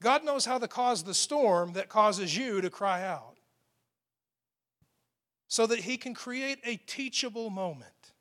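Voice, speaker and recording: A man preaching a sermon as a pastor, speaking with emphasis and dropping to a hushed voice when he reads quoted lines. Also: high voice, animated, slow pace, pauses often. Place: church with a loud PA system.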